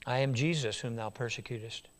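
A man voicing the heavenly voice of Jesus, speaking slowly, gravely and very quietly. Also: mid-range voice, pitched below the performer's own voice, close to an everyday voice. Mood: solemn hush. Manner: slow, grave, very quiet delivery. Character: the voice of Jesus from heaven, solemn and hushed.

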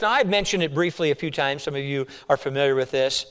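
Lively emphatic male preacher. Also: on the high side, a little fast, hardly any pauses. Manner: emphatic, repetitive, asks questions of the congregation. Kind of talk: sermon.

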